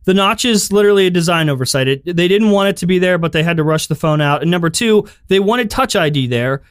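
A man's voice: high voice, lively intonation, fast, clean tone, dry recording, studio quality. A man giving heated, profane opinions in a casual podcast chat. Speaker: podcast co-host.

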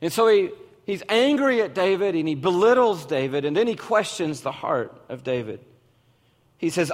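High-voiced preacher in a reverberant hall. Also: male voice, sing-song. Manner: slow, emphatic preaching with dramatic pauses. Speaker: pastor. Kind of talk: sermon.

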